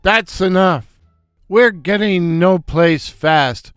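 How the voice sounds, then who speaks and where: A man putting on a gruff, bossy slapstick bully who barks his insults and wisecracks at a slow, deliberate clip. The voice sits high and comes across clear and close. It is a read-aloud storybook role. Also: no room sound, soft background music. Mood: barking.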